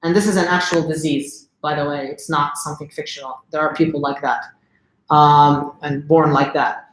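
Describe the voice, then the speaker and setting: In a casual livestream lesson, a man tells a religious story in a fairly high, flat voice with a touch of brightness and a moderate pace. He keeps it chatty and often poses questions to his audience, and the room gives off a noticeable echo.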